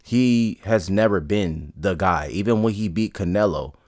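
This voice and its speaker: A man's voice: deep voice, unhurried, darkish tone. A man giving casual, opinionated boxing commentary, talking bluntly and rambling from point to point.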